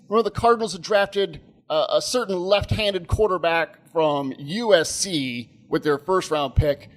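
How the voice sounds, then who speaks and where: Chatty, rambling man telling a story. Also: fairly high pitch. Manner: animated, rambling, laughs often. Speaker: podcast co-host. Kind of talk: casual storytelling chat.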